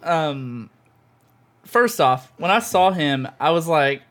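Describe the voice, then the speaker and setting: A man co-hosting a podcast, talking in an excitable, gushing way full of fillers. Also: fairly high pitch, slow. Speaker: podcast co-host. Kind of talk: casual chat.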